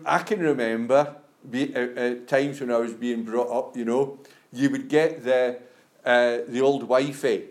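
A male preacher giving a conversational sermon, often saying "you know" and stammering on restarts. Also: mid-range voice.

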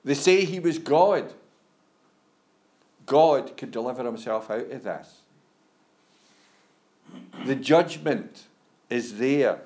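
A man's voice: medium pitch, expressive, slow, pauses often, a little mellow. A male preacher giving a conversational sermon, often saying "you know" and stammering on restarts.

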